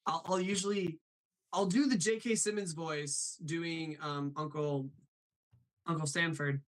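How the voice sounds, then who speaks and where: A man's voice: a little high, fairly even intonation. A man hosting a live show, chatting casually about voice impressions and reading questions from the chat. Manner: chatty, quick asides, reads chat aloud.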